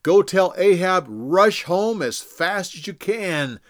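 A man's voice: high-pitched, expressive, slow pace, no room sound, clean studio sound, pitched above the performer's own voice. A man voicing a bold, commanding male prophet who proclaims in a raised voice.

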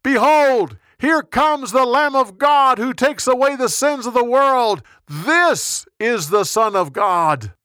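A man's voice: high-pitched, sing-song, takes it slowly, fairly bright tone, no room sound, studio quality, voice pushed up, heavily acted. A man voicing a fervent male desert prophet who preaches repentance, speaking in a raised, urgent, proclaiming way in a storybook narration.

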